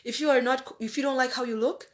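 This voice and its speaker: A woman's voice: sits high, steady tone, fast talker. A woman giving an earnest, conversational motivational talk rooted in faith, repeating phrases for emphasis. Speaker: life-planning speaker.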